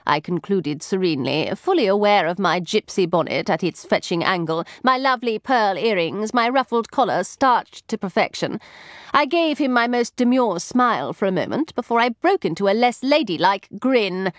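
A woman narrating a first-person audiobook in an expressive, lively storytelling manner. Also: on the low side, normal speed, no room sound, clean studio sound.

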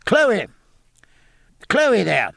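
A man voicing a gruff, hearty old admiral who speaks bluntly, in an audiobook. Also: medium pitch, huge pitch swings, normal speed, a bit bright, no room sound, studio quality, exaggerated voice. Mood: bluff hearty. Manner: blunt, bluff, hearty exclamations.

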